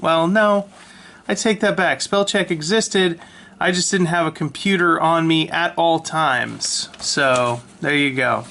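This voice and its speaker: A man casually talking through his old sketchbook, relaxed and self-mocking, with lots of ums and restarts, recorded on a handheld camera. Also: a little high, slow, creaky. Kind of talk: casual rambling commentary. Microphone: handheld camera mic.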